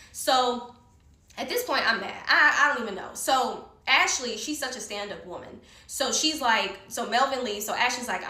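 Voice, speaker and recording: A woman telling a personal story in a heated, profane, animated way. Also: on the high side, fairly quick, far from the mic. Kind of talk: casual storytime. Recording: roomy echo.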